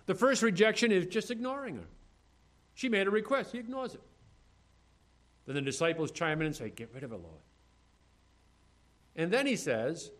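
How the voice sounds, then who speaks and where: A male pastor delivering a sermon in an animated way. His pitch sits a little high and rises and falls widely as he reads old scripture phrasing and then acts out the disciples in plain modern talk. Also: normal speed, pauses often.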